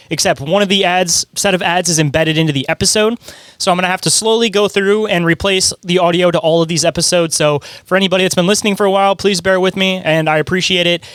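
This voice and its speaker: A man's voice: high-pitched, a bit bright, smooth, no echo. A man co-hosting a podcast in casual chat, loose and chatty, laughing often. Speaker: podcast co-host.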